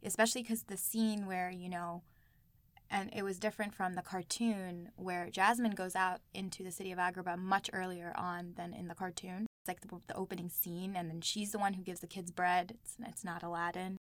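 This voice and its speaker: A woman's voice: lowish voice, little pitch movement, a little fast, dry recording. A woman from South Asia hosting a casual discussion, thinking aloud and restarting her sentences often. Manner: hesitant, fills with "like" and rewinds mid-thought.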